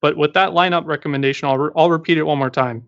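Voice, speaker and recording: A man's voice: on the high side, steady tone, fast talker, fairly bright tone, lo-fi sound. A man co-hosting a casual livestream, explaining game team advice in a self-correcting, joking way. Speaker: co-host giving game roster advice.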